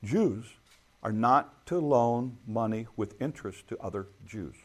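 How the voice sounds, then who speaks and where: A man's voice: mid-range voice, animated, a little slow, husky. A middle-aged man preaching a sermon in a conversational way, asking his listeners rhetorical questions. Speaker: pastor.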